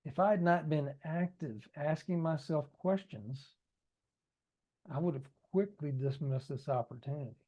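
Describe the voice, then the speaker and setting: A slightly high, mellow male voice at a measured pace reads his own book aloud. His audiobook narration is conversational, full of ad-libbed asides and direct address to listeners.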